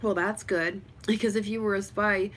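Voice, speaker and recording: A woman's voice: mid-range voice, fairly even intonation, moderate pace, a bit bright. A woman talks loosely to viewers on a livestream from her home. She drifts between thoughts with plenty of fillers. A faint background hum sits under her voice. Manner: rambling, many fillers. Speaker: vlogger. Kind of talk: casual livestream chat.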